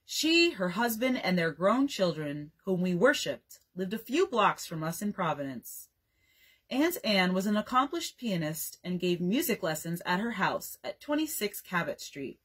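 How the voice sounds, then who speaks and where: A woman's voice: lowish voice, measured pace, breathy edge. A young woman librarian reading a bedtime story aloud, giving the dialogue its own voices. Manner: expressive, reads dialogue in varied voices.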